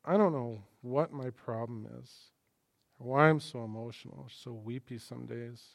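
A man preaching a sermon in church in a conversational, joking way, swinging between quiet asides and emphatic lines. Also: mid-range voice, normal speed, gravelly. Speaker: pastor.

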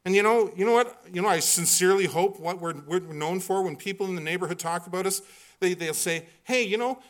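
A man preaching a sermon with lively delivery, reading scripture and acting out the characters in it. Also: high-pitched, brisk. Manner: animated preaching, acts out scripture voices. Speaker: pastor.

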